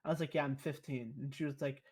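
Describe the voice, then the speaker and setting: A man's voice: medium pitch, fast, husky. A young man, a podcast guest, telling rambling stories in casual, profane chat. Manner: profane, rambling, animated storyteller.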